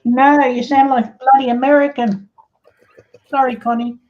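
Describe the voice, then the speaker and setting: A woman chatting casually in a hobby group, teasing with quick quips. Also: high voice, level tone, a little hiss or hum. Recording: dull lo-fi sound.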